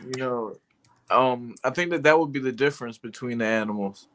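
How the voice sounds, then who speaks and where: A man's voice: medium pitch, a little fast, fairly bright tone. A man co-hosting a casual talk show, laid-back and using slang and casual swearing. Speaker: co-host. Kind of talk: casual chat.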